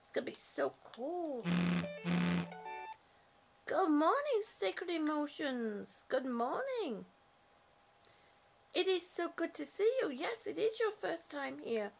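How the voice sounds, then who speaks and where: A woman hosting a casual livestream from home, chatting warmly with viewers and reading their comments aloud, with lots of fillers and terms of endearment. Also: high-pitched, expressive, measured pace, vocal fry, few pauses, slight background noise. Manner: chatty and affectionate, frequent fillers. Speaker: livestream host.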